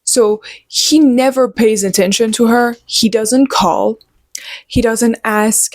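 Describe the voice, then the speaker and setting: A young woman in her twenties chatting casually to her viewers about a book, animated and opinionated. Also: on the high side, takes it slowly, dry recording. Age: 20s. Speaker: book vlogger. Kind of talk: casual chat.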